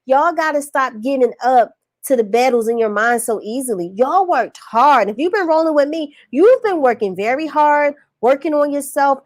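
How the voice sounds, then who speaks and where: Woman coach, high-pitched, dry close sound; animated, colloquial motivational live-stream talk. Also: moderate pace, few pauses, no room sound. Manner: animated, preachy, colloquial, calls audience y'all. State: recovering from illness, on antibiotics. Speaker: business coach.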